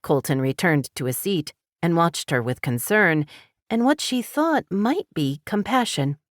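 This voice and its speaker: A woman reading a novel aloud as an audiobook narrator, in a measured, even storytelling manner. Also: fairly low pitch, no echo, clean studio sound. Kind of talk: scripted narration.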